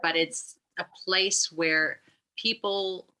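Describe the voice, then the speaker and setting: A woman's voice: lowish voice, fairly even intonation, takes it slowly, bright, forceful tone, smooth, low-quality recording. A woman explaining an app she founded, talking loosely with fillers and restarts. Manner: rambling, many restarts and fillers. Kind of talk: conversational explanation.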